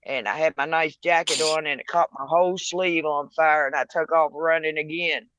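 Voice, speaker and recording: A man calling in to a podcast, telling stories in an excitable way and laughing as he goes. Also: on the high side, normal speed, lo-fi sound. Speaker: caller. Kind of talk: casual storytelling.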